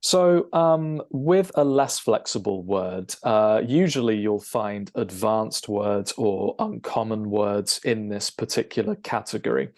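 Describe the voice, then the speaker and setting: A man, an English teacher, explaining a lesson over a shared screen, checking in with "okay?" and filling pauses with "um". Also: on the low side, darkish tone. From United Kingdom. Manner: explanatory, frequent "okay?" check-ins and "um" fillers.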